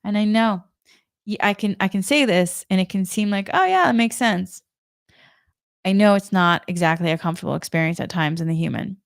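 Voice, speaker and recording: A woman's voice: on the low side, steady tone, quick pace, clean tone, no room sound, studio quality. A woman giving a spiritual energy talk in a chatty way, telling a personal story and laughing often. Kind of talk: casual spoken monologue.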